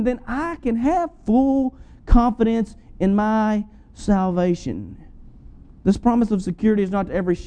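A man's voice: high voice, darkish tone, slight background noise. A man preaching a sermon, teaching earnestly and repeating phrases for emphasis.

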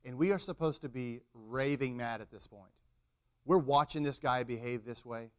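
Preaching at a moderate pace in a medium-pitched voice, a middle-aged man brings the people of his story to life, acting out their words with growing drama and intensity.

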